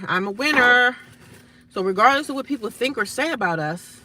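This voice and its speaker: A woman's voice: on the high side, lively intonation, a little fast, bright, forceful tone, slight background noise. A woman vlogger talking casually to the camera in a frank, emphatic, motivational way. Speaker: vlogger living in a shelter.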